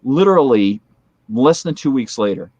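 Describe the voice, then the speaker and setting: A man's voice: medium pitch, lively intonation, moderate pace, a little mellow, no echo, highs cut off. A man in his forties, a guest in a casual chat, telling a long story full of fillers and asides. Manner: rambling anecdotal storytelling with many fillers.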